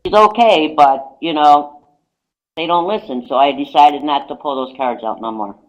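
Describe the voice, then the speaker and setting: The recording is low quality, carrying a deep female voice at normal speed. She's a psychic guest on a radio talk show, chatting casually through a long anecdote and repeating "I says" along the way.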